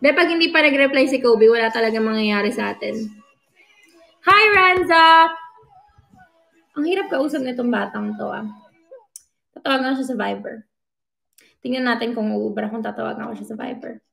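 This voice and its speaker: Bubbly high-voiced Filipino woman streamer. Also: a little fast, gravelly, long pauses, fairly bright tone. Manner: bubbly, switching between English and Tagalog, thanking viewers. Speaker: livestream host. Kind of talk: casual livestream chat. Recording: roomy sound with faint music.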